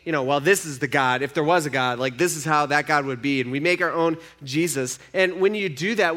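A man preaches to his congregation in a casual, conversational way. His voice sits a little high, and he drops to near-hushed asides before building to loud, emphatic points. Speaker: pastor. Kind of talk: sermon.

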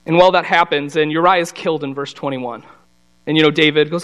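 A man's voice: a little high, a bit bright. A man giving a casual Bible study talk, telling the story conversationally and briefly voicing the characters. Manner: conversational storytelling, slips into quick voices for the characters.

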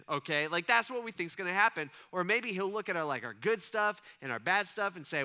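A man's voice: sits high, brisk, hardly any pauses, clean tone. A man preaching a casual, conversational sermon, acting out voices and asking his audience questions. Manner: animated, conversational, acts out voices, asks the audience. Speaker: pastor.

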